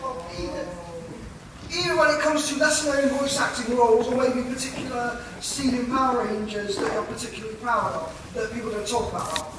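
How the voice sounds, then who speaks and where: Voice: mid-range voice, fairly quick, fairly bright tone, a little hiss or hum. An audience member politely asking a question at a fan panel. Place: large convention hall. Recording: echoey hall, from far off.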